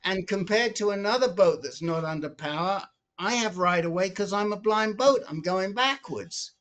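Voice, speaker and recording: Animated man with a high voice, storytelling. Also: moderate pace. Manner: animated storyteller, repeats and restarts words. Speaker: support group member. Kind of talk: casual group video call. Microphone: video call.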